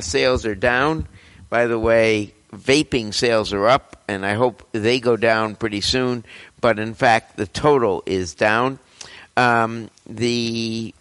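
An older man, a physician hosting a show, giving casual health news commentary in a rambling, opinionated way with many halting pauses. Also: medium pitch, a bit bright, in a large hall. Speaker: physician host.

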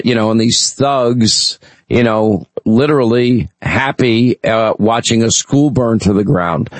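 A man's voice: mid-range voice, no room sound, rough recording. Emphatic male talk radio host. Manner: emphatic, opinionated, frequent fillers. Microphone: studio microphone.

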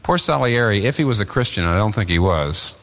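A man preaching a sermon as pastor, earnest and emphatic, his pitch rising and falling as he presses his points. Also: expressive, fast, a bit bright, long reverb tail.

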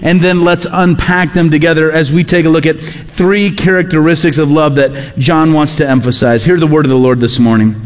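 Pastor guy preaching, fairly high voice, lots of repeating and asking the crowd stuff, reverb from a big church room. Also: steady tone, normal speed, hardly any pauses. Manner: conversational preaching with rhetorical questions and repetition. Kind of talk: sermon. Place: church sanctuary.

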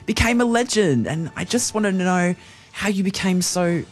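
A woman voicing an eager young girl adventurer, pleading and flattering. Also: mid-range voice, normal speed, breathy edge, soft background music, voice pushed up.

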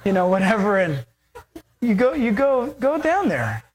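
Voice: mid-range voice, wildly swooping pitch, unhurried. A preacher voicing Naomi as a chatty, scheming older mother-in-law who speaks in casual modern slang, during a sermon retelling.

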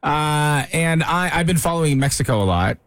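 A man's voice: on the high side, expressive, moderate pace, a bit bright, no echo. A man hosting a morning radio show in casual, playful chat, laughing easily.

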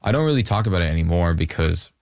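A man's voice: low-pitched, fast talker, gravelly, no echo, studio quality. A young man in his twenties from Canada, a musician talking casually in a rambling way with lots of fillers. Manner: relaxed, rambling with many fillers. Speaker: musician guest. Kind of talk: casual interview chat.

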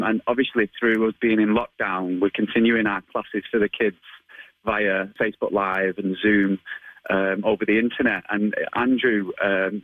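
A man's voice: lowish voice, no room sound, phone-quality sound. A man in his thirties with a Manchester accent, chatting in an interview with many ums and restarts and frequent laughs. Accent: Manchester English. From England. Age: 30s. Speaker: interview guest, martial arts instructor. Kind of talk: casual phone interview.

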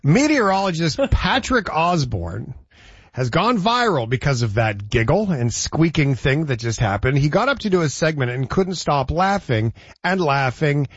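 A male radio host in casual, playful banter, chatty and quick to laugh. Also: on the high side, lively intonation, slightly rough, no echo, muffled recording.

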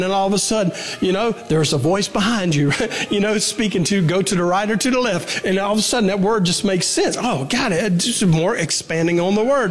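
Man, pastor, conversational sermon, high voice, reverberant hall. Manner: conversational, asks the congregation questions, repeats phrases for emphasis.

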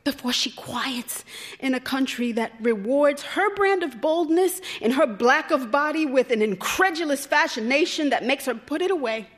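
Woman, reader, fairly high voice, measured literary reading that dips almost to a whisper, live stage. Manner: measured, drops softly to near whisper at times. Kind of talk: literary short story reading.

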